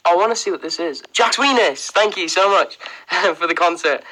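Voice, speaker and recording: Bright-voiced Irish lad chatting to viewers. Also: male voice, sits high, moderate pace, low-quality recording. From Ireland. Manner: chatty, rambling, frequent "um" and "like", laughs often. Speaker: livestream host. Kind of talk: casual livestream Q&A, reading out viewer comments.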